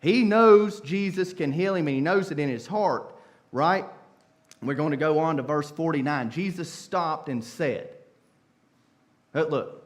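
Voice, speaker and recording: A man preaching a sermon, telling the story in a folksy, animated way with casual asides. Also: fairly high pitch, unhurried. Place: church sanctuary.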